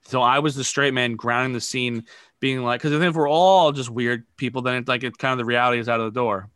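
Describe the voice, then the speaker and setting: Male improv teacher, casual, rambling explainer; bright forceful tone, dry recording. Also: mid-range voice, fairly even intonation, fast talker, smooth, no echo. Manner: rambling explanations, many restarts. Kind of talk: casual improv practice chat.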